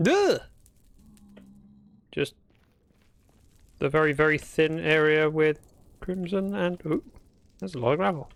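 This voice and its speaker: A man's voice: fairly high pitch, steady tone, a little slow, gravelly, long pauses, a bit bright, dry recording. A man chatting through a gameplay livestream, talking to himself and greeting viewers. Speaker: streamer. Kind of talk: casual gameplay livestream commentary.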